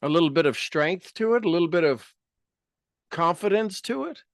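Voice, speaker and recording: A man's voice: on the high side, animated, normal speed, no echo, clean studio sound. Man coaching with rhetorical questions. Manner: rhetorical questions, repeats phrases for emphasis. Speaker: speaker leading a self-help talk. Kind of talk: coaching talk with guided exercises.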